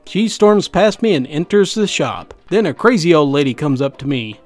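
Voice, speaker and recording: A man's voice: on the high side, very animated, normal speed, hardly any pauses. A man reading out funny customer stories in a wry, conversational narration. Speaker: host reading online stories. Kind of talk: scripted narration. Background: faint background music.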